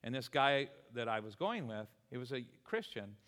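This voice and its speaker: A man's voice: mid-range voice, moderate pace. A man preaching a sermon in church, telling stories and acting out the people in them. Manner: animated storytelling preacher, voices people in anecdotes. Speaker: pastor. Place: church sanctuary. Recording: long hall reverb.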